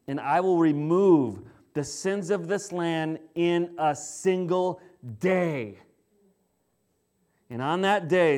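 A middle-aged man preaching a sermon in a conversational way, often asking the congregation questions and dropping to a hushed, solemn tone when reading scripture. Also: on the high side. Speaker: pastor.

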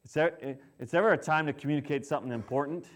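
Middle-aged guy preaching, kinda high voice, chatty, asks the crowd stuff, gets hushed reading scripture. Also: fast. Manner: conversational preaching, asks the audience questions; drops to a hushed, solemn voice when reading scripture. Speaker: pastor. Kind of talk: sermon.

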